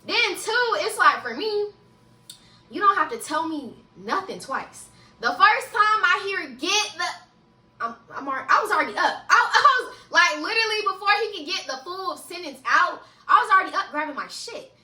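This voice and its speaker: A young woman telling a casual story-time vlog, animated and laughing often, with frequent swearing, recorded in an echoey room a little away from the mic. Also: very high voice, moderate pace, recorded from a distance. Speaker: vlogger.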